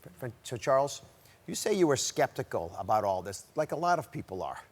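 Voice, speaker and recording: A middle-aged man hosting a TV talk show as a physician, gently questioning his guests in a studio with an audience. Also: mid-range voice, big pitch swings, brisk. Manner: inquisitive, gently prompting guests.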